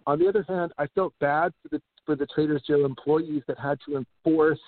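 A man's voice: fairly high pitch, steady tone, a little fast, dry recording. A man in casual conversation who talks animatedly, swears freely and says "like" a lot, often mimicking other people in a raised voice. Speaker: podcast host. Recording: dry, phone-like narrow sound.

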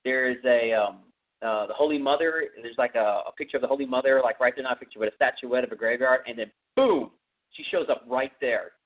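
A man's voice: medium pitch, brisk. Give me a Texan man hosting a podcast, chatting loosely through a film plot, recorded with thin phone-line audio. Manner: rambling, filler-heavy retelling. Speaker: podcast host. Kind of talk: casual movie recap.

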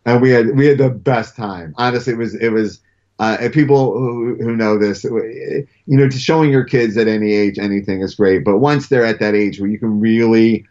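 A man's voice: lowish voice, normal speed, a little mellow. A middle-aged man telling stories in a casual podcast chat, rambling with fillers and restarts. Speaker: guest comic book writer. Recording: dull lo-fi sound.

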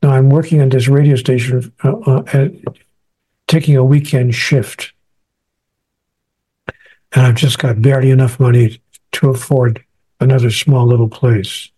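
Fields: Sex: man. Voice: mellow, husky. Role: author guest. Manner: earnest storyteller. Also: mid-range voice, fairly even intonation, moderate pace, long pauses. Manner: earnest, acts out quoted speech. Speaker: author being interviewed. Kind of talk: storytelling interview answer.

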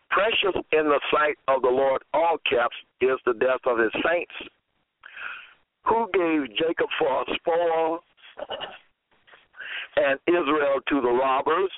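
A man preaching a sermon and reading scripture aloud, slow and deliberate, often repeating phrases. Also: mid-range voice, no echo. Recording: tinny phone-line audio.

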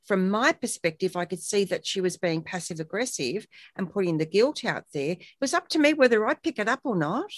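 A woman's voice: medium pitch, lively intonation, fairly quick, hardly any pauses, dry recording, studio quality. A woman, chatting reflectively and telling personal stories with quoted dialogue. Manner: warm, reflective storytelling with acted quotes. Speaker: guest on a support talk show. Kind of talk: casual conversational chat.

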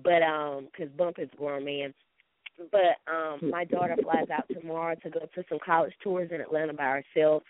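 A man's voice: on the high side, fairly even intonation, moderate pace, smooth, no echo. A man on a talk show speaking earnestly and asking for prayers. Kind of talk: casual radio chat. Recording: dry phone-line sound.

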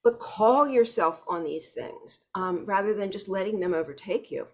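A woman hosting an interview, talking in an animated, emphatic way. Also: mid-range voice, moderate pace. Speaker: host. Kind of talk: conversational interview. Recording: dull lo-fi recording.

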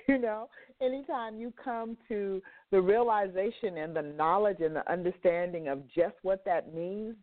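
A woman hosting a faith talk radio show, her voice nasal from congested sinuses, speaking fervently and repeating words for emphasis. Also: lowish voice. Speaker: host. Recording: phone line.

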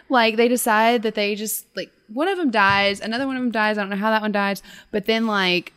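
A woman co-hosting a podcast who retells a horror story in a casual way, with lots of "like" fillers. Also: on the high side. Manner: animated retelling with many "like" fillers. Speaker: podcast co-host.

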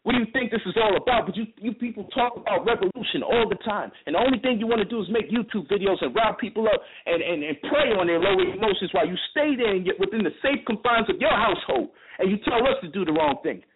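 A man's voice: high voice, lively intonation, fast talker, hardly any pauses. A man giving an impassioned, profane monologue as a radio guest, hammering his points with rhetorical questions and repetition. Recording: tinny phone line with faint noise.

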